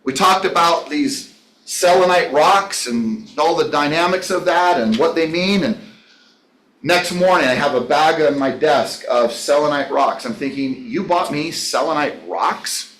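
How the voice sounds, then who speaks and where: A man's voice: a little high, a little slow, a bit bright. A man leading a business training session, talking in an enthusiastic, rambling way and addressing listeners by name. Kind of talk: motivational training talk. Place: training room. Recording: echoey room.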